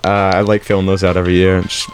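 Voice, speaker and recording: A man's voice: sits low, level tone, racing, faint music behind. A young man co-hosting a podcast in casual chat, reading listener questions and laughing easily. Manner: laughs often, easygoing and joking.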